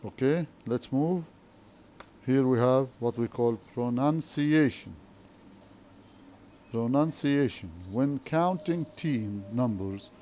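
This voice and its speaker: A man with an Arabic accent teaching an English lesson, speaking slowly and checking understanding with repeated questions. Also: mid-range voice, warm tone, a little hiss or hum. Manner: slow, repetitive, frequent questioning tags. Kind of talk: classroom lesson explanation.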